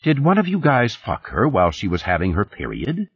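A man's voice: fairly low pitch, wildly swooping pitch, fairly quick, husky, pitched above the performer's own voice, heavily acted. A man voicing a blunt, provocative woman who likes to shock people, in an audiobook. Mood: teasing. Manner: blunt, teasing. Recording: dull lo-fi audio.

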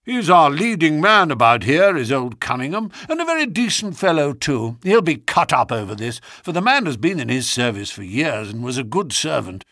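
Brief: a man playing an easygoing old colonel, lively pitch, dry close sound. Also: moderate pace, hardly any pauses, no room sound, full character voice. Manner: genial, matter-of-fact storytelling. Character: hearty older country colonel, genial and matter-of-fact.

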